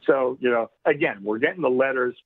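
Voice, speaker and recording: Casting: husky man, chatty storyteller, thin telephone-band sound. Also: mid-range voice, brisk. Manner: rambling, laughing often, many fillers. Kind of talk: casual anecdote telling. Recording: tinny phone-like radio line.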